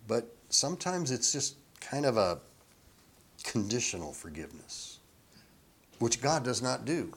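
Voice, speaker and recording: A man preaching a sermon in a relaxed, conversational way, chuckling often and acting out quoted voices. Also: mid-range voice, measured pace, long pauses. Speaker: pastor.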